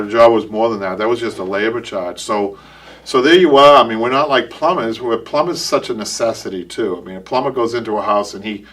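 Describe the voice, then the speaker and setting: A man's voice: mid-range voice, a bit bright, recorded from a distance. A man with a Boston accent hosting a live upholstery show, talking casually and rambling with repeated words and restarts. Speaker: upholstery shop owner and show host. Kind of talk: casual live-stream chat.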